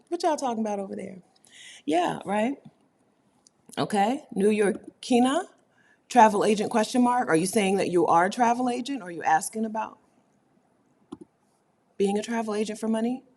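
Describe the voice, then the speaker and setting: Indoors at home while living abroad, a woman hosts a casual livestream and reads viewer comments aloud. She is emphatic and animated, laughs often, and swings between loud, high bursts and low murmurs.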